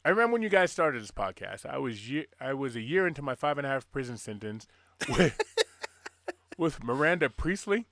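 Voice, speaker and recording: A man's voice: mid-range voice, very animated, a little fast, a bit bright, no room sound. A middle-aged man co-hosting a podcast in crude casual banter. He swears freely, laughs often, and reads listener messages aloud. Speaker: podcast co-host.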